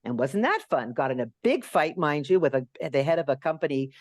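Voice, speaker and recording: A woman in her sixties, a podcast guest and author, telling lively anecdotes in an interview. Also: fairly quick, no room sound, clean studio sound. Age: 60s. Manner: animated, acts out quotes in high voices.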